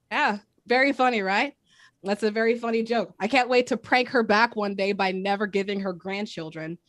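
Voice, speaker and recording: A young woman from East Oakland doing a stand-up set over a video call, with a crisp announcer-like voice and deadpan delivery. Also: mid-range voice, normal speed, no echo, clean studio sound. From East Oakland, California. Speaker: stand-up comedian.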